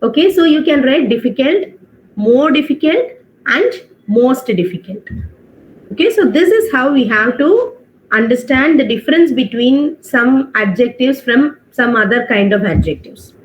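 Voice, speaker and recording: A woman's voice: high voice, lively intonation, measured pace, a little hiss or hum. A woman teaching an online English class, explaining step by step, checking with questions and mixing in Hindi phrases. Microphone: video call. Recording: dull online-class audio.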